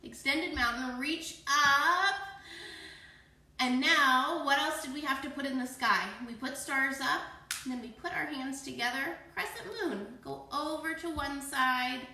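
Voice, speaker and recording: A woman's voice: high-pitched, unhurried, bright, forceful tone, a little hiss or hum. A woman teaching a children's yoga class, playfully encouraging and cueing poses and breaths, with animal sounds. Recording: echoey room.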